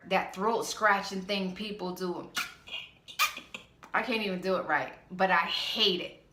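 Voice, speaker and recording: A woman's voice: fairly low pitch, bright, forceful tone, reverberant. A woman vlogger ranting bluntly with a slightly nasal voice, sassy and exasperated. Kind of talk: ranting vlog.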